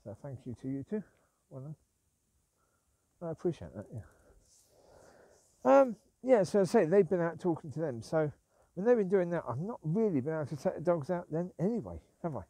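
With a slightly high, dark voice that makes big pitch swings, a man speaks at normal speed and without echo. He's a vlogger on a nighttime dog walk, rambling along while grumbling and repeating things.

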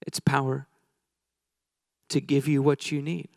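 A man's voice: medium pitch, little pitch movement, unhurried, vocal fry, darkish tone, dry recording, clean studio sound. A man preaching a sermon in a conversational, joking way, telling a story and acting out the people in it. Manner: conversational, joking, acts out quoted voices.

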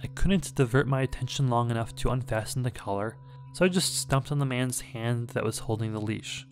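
A man reading a scary story aloud in a measured, dramatic way. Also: medium pitch, faint music behind. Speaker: horror story narrator. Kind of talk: scripted horror story narration.

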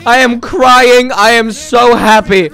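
A man's voice: very high-pitched, steady tone, slow, gravelly, bright, forceful tone. A man live-streaming and chatting with his viewers, greeting them by name and playing up mock shock with sarcastic exaggeration. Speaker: livestreamer. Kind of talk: casual live-stream chat.

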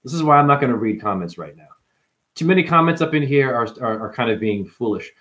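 A man's voice: medium pitch, animated, fast talker, fairly bright tone. Man casually chatting on a livestream. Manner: loose, joking, talks to chat by name. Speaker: livestream host. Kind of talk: casual livestream chat reading comments.

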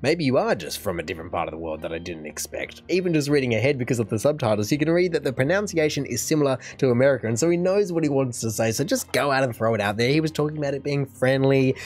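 An Australian man talks through his reactions in a chatty, opinionated way, with a voice of ordinary middle pitch. He keeps going at length in casual commentary, while faint music plays softly underneath. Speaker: reaction video host.

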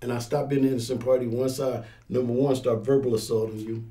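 A man's voice: mid-range voice, fairly even intonation, quick pace, mellow. A man who teaches firearms classes and serves as a pastor, talking casually in an interview and acting out scenarios with quoted voices.

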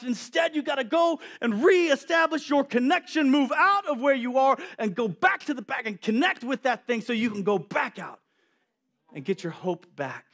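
A young man preaching a sermon as a youth pastor, animated and acting out quotes and voices. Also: very high-pitched, moderate pace.

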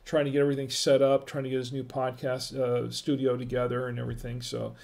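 A man's voice: mid-range voice, completely flat delivery, fast, vocal fry, a little mellow. A middle-aged man hosting a casual live-stream wine tasting, chatting with viewers in the chat and greeting them by name.

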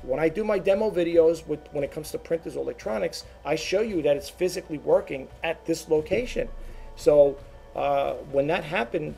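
A man's voice: fairly high pitch, moderate pace, vocal fry, dark tone, soft background music. A man who resells online, chatting casually to his viewers, rambling and repeating words as he goes. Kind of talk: casual talk to camera.

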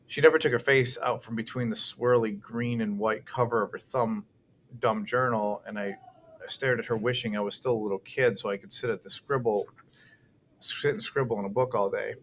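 A man's voice: lowish voice, steady tone, moderate pace, fairly bright tone, a little hiss or hum. A man reading a first-person novel aloud as an audiobook narrator, telling it expressively with occasional restarts.

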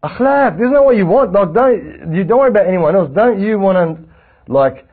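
A man, teaching a religious class with lively rhetorical questions to his students. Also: sits high, moderate pace, husky. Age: 40s. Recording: tinny lo-fi lecture recording.

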